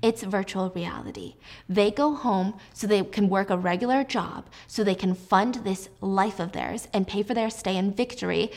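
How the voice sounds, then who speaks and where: A woman's voice: mid-range voice, normal speed, hardly any pauses, darkish tone. A woman vlogger casually recapping a movie while baking, chatty and playful.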